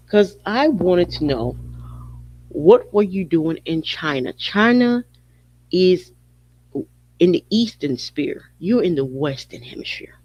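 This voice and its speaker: A man's voice: on the high side, animated, measured pace, a little mellow. Man with a dull lo-fi podcast sound. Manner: conversational, talks straight to the subject, many fillers. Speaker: podcast host. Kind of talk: casual monologue commentary.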